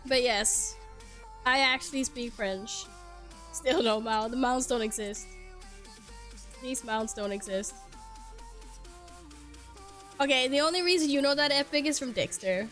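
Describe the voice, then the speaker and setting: A woman's voice: high-pitched, unhurried, pauses often, fairly bright tone, soft background music. A woman from Sweden, chatting casually on stream through a headset, swearing and laughing often. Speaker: game streamer.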